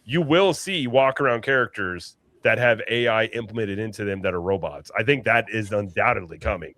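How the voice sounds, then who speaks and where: A man's voice: on the low side, fairly quick, fairly bright tone. A man hosting a casual livestream podcast, chatty, often restarting and correcting himself. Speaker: podcast host. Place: home, late at night.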